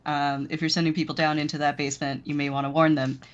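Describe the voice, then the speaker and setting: A woman's voice: sits low, little pitch movement, quick pace, close to an everyday voice. A woman voicing a fierce, defiant young woman who swears bluntly, in a dull lo-fi recording. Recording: dull lo-fi sound.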